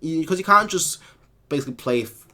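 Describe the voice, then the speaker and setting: A man's voice: a little high, lively intonation, brisk, sharp tone. A man from Munich hosting a fan live stream, answering viewer comments in a rambling way and repeating words as he corrects himself. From Munich, Germany. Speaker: fan channel host.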